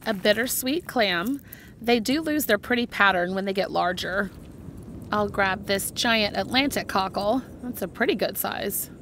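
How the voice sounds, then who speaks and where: A woman vlogger narrating her beach walk, gently admiring each shell she picks up. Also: medium pitch, measured pace, slight background noise. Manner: gentle, admiring commentary on finds.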